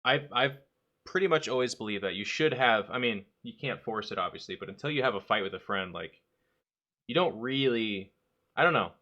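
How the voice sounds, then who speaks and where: A man's voice: fairly low pitch, animated, a little fast, pushed and bright, highs cut off. A man hosting a podcast in casual chat, candid and rambling, often acting out quoted dialogue. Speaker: podcast host.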